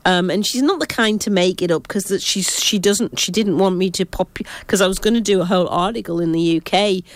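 A woman's voice: medium pitch, a little fast, no room sound. A woman, a psychic, chatting casually and telling ghost stories in a rambling way, often breaking off and restarting. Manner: rambling, self-interrupting storytelling. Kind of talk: casual ghost-story chat.

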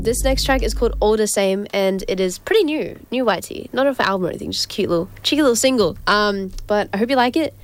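A woman's voice: medium pitch, no room sound. A young woman hosting a casual radio show, chatty and rambling, often giggling and filling gaps with ums. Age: young adult. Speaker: community radio host. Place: radio studio.

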